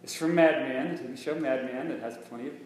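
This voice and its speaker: A male minister with a fast, mid-range voice preaches a conversational sermon in a church sanctuary, full of restarts and rhetorical questions. The room is very echoey, with a faint hum in the recording.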